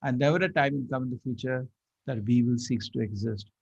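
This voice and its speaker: Gravelly man teaching scripture. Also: medium pitch, a little fast, darkish tone, highs cut off. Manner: chants Sanskrit verses and explains them line by line. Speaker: Bhagavad Gita teacher. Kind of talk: scripture class lecture.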